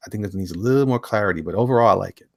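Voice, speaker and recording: A man's voice: lowish voice, very fast, vocal fry, no room sound, clean studio sound. A man hosting a casual chat show, flipping through comics, often laughing and repeating himself. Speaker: host.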